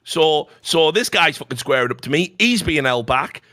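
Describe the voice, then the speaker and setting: A man's voice: a little high, lively intonation, sharp tone, dry recording, clean studio sound. A middle-aged man, telling a story as a talk show host in a blunt way, with lots of swearing. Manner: profane, blunt, fast-flowing anecdote with lots of swearing. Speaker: podcast host.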